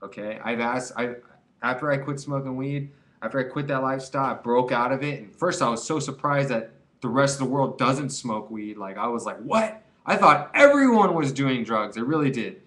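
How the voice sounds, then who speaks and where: A man's voice: medium pitch, brisk, fairly bright tone. Rambling young man giving blunt advice. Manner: rambling and emphatic, with many fillers and restarts. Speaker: vlogger giving quit-weed advice. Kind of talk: casual advice vlog monologue.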